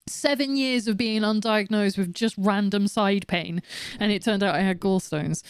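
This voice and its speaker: This is casual game-stream chat from a woman in her late thirties who is frank and sweary, laughing as she rants and jokes. She has a mid-range, clean-toned voice at a moderate pace, recorded in a clean studio with no room sound.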